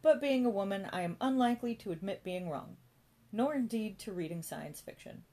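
A woman's voice: mid-range voice, lively intonation, moderate pace, mellow, pitched above the performer's own voice. A woman reading a storybook voicing a prim, haughty and flirtatious woman behind an admissions desk.

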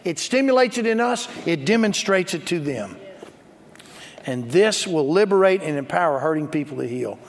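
High-voiced emphatic preacher, reverberant church. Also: male voice, sing-song, normal speed, a little hiss or hum. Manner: emphatic, call-and-response preaching; joking, storytelling asides. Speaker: pastor. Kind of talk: sermon. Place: church sanctuary. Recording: long hall reverb.

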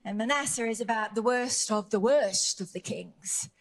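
A woman preaching a sermon, retelling a Bible story in an animated, emphatic way with lots of repetition. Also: on the high side, moderate pace.

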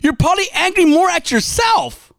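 A man preaches in a casual, dramatic storytelling style. His voice rises and falls widely, dropping low for confession and climbing high to urge. It is recorded close and dry, with no room echo. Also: lively intonation, normal speed, gravelly. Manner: dramatic storytelling, confessional, swings from quiet to fiery. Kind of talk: impassioned spoken sermon.

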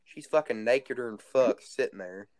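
A man's voice: medium pitch, measured pace, darkish tone, no room sound, clean studio sound. A teenage boy telling rambling stories in casual chat, crude and swearing constantly. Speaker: guest storyteller.

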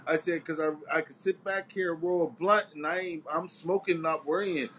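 A man's voice: a little high, fairly even intonation, normal speed, a bit bright, slight background noise. A man in a casual podcast chat, laid-back and slangy, laughing often.

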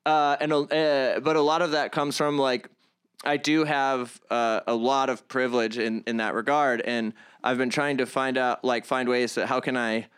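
Earnest halting young man, smooth voice. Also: medium pitch, steady tone, fairly bright tone. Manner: halting, many restarts and fillers, earnest. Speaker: guest, comedian and activist vlogger. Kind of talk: conversational interview.

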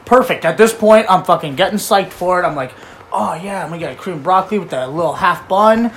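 A man casually telling a profane story among friends, laughing and acting out the other voices loudly. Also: sits high, expressive, fast talker. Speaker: podcast guest.

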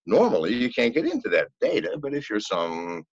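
An older man telling a story as a podcast guest, in a profane, animated way. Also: medium pitch, brisk, breathy edge, no room sound. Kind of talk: casual storytelling. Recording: dull, lo-fi, dry sound.

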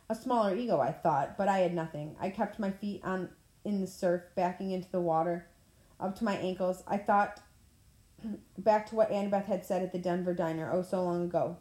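A woman reading a novel aloud in a plain manner, now and then clearing her throat. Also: mid-range voice, brisk, mellow. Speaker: audiobook reader. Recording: echoey room.

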